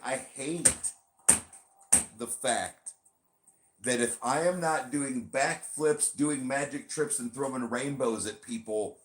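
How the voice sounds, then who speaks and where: A man co-hosting a casual podcast, talking loosely and swearing, switching between a chirpy service voice and a flat low one. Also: a little hiss or hum. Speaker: podcast co-host; bartender.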